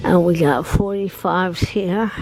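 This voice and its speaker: Slow, gravelly-voiced woman vlogger. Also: fairly low pitch, poor audio. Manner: chatty, rambling, laughs easily. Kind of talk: casual walking-tour vlog. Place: record shop, indoors, walking around.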